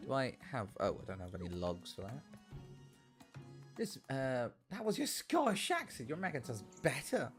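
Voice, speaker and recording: A male streamer chats his way through a cozy game, rambling and joking with sudden loud outbursts and plenty of swearing. His medium-pitched voice swings widely up and down, with faint music under it. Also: big pitch swings, normal speed. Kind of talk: casual gameplay livestream chat. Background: faint background music.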